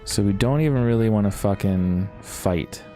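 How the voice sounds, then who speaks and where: Give me a low-voiced man rambling through a story while he streams a game, with a little music behind. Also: moderate pace, dark tone. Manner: rambling, swears, laughs at himself. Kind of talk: casual storytelling while gaming.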